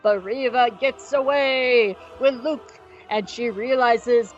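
A woman co-hosting a podcast, recapping in casual chat that is rambling and jokey, with quick asides. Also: a little high, muffled recording, faint music behind. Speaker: podcast co-host.

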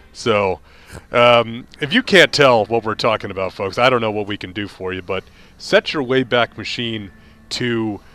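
A man's voice: mid-range voice, a bit bright. A middle-aged man co-hosts a podcast, rambling casually and restarting his sentences. Faint music sits under his voice. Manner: rambling, many fillers and restarts. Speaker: podcast co-host.

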